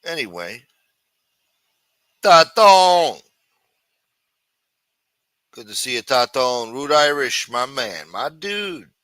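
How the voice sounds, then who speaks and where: Bright-voiced man hosting a casual livestream. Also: mid-range voice, sing-song, measured pace, few pauses, dry recording. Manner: loud mock-preacher calls, crude banter, sing-song asides. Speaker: livestream host. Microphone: desk microphone.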